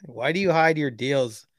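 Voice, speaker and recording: A man's voice: a little high, expressive, takes it slowly, a bit bright, no room sound, clean studio sound. A man co-hosting a podcast in casual chat, teasing and laughing easily. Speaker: podcast co-host.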